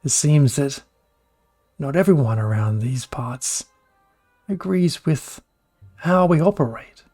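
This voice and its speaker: A man's voice: fairly high pitch, animated, takes it slowly, warm tone, soft background music, exaggerated voice. A man doing a jolly old bearded prisoner. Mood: kindly.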